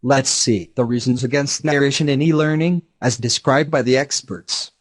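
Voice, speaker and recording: A text-to-speech man's voice giving a scripted narration in an even, measured explanatory manner. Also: medium pitch.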